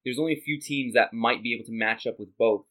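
A young man on a casual sports podcast, eager and quick with questions and excited asides. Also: medium pitch. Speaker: podcast co-host.

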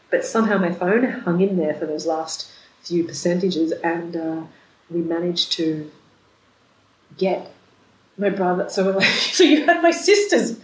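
Animated woman telling a story, roomy echo. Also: on the low side. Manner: animated, laughing often, acting out quoted voices. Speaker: storyteller in a conversation. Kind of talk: casual storytelling chat. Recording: roomy echoey recording.

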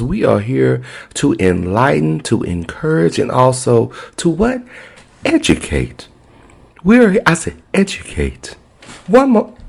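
A man's voice: fairly high pitch, creaky. A man hosting a podcast in a casual, sassy, playful way. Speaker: podcast host.

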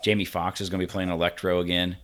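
A man co-hosting a casual podcast chat, telling stories with animated exasperation and swearing freely. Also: quick pace. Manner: animated, voice jumps high when exasperated. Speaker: podcast co-host.

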